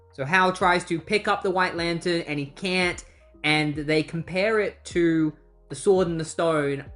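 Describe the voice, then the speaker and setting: A comic book retrospective host runs through the plot in a loose, conversational way. The host drops wry asides and the occasional curse along the way. The voice sits in a middle pitch. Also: fairly bright tone. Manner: breezy, wry, swears casually, acts out quotes. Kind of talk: casual plot recap.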